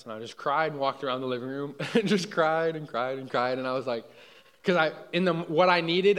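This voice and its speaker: A young adult man preaching a sermon in a casual, conversational way, often checking that listeners follow and dropping quiet on personal asides. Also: fairly high pitch. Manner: conversational, asks the room for agreement.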